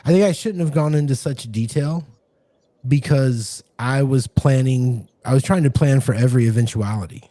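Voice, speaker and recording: A man's voice: mid-range voice, moderate pace, warm tone, dry recording. A man talks through tabletop game ideas in a loose, rambling way, full of restarts and fillers. His voice sits in a middle register and sounds dry and close, with no room around it. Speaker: podcast co-host and game master. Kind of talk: casual chat.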